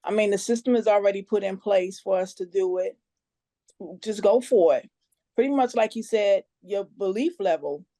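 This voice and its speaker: Earnest woman, mellow mid-range voice, dry close sound. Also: medium pitch, moderate pace, dry recording. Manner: earnest, a little nervous, plain-spoken. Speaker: guest team member sharing her story. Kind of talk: casual testimonial on a conference call.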